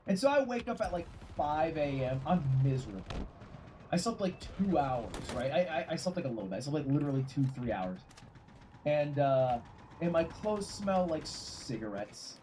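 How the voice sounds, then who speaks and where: A man's voice: on the high side, sing-song, normal speed, dark tone. A man streaming a game, telling a rambling, profane story in casual chat. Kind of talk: casual storytelling while gaming. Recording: game gunfire noise under voice. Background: game gunfire and ambience.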